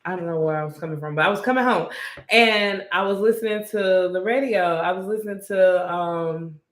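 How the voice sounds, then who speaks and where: A woman's voice: lowish voice, a little fast. Chatty woman co-host in a roomy space. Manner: chatty storytelling with many fillers. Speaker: podcast co-host. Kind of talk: casual chat. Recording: roomy echo.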